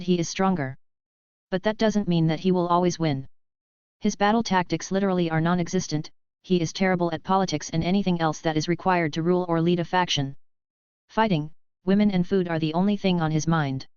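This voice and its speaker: A blunt, knowing female ally in a novel audiobook, voiced by a woman narrator. She speaks in a plain, matter-of-fact way with a smooth, clear voice. The sound is dry and slightly dull. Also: lowish voice, fairly even intonation, brisk, darkish tone, no room sound, lightly acted.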